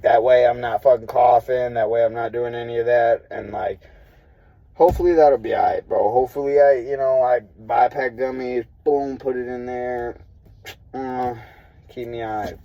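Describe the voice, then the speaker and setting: A man's voice: medium pitch, creaky, mellow, no room sound, highs cut off. A young man ranting casually to his viewers, profane and rambling, frustrated and full of fillers. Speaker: vlogger. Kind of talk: casual rant to camera.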